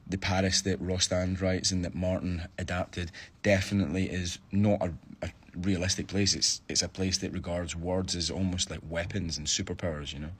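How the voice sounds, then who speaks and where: Deep-voiced Scottish man chatting casually. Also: level tone, moderate pace, breathy edge. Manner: chatty, thinks aloud with restarts. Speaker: stage actor answering fan questions. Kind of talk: casual live-stream chat. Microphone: phone live-stream.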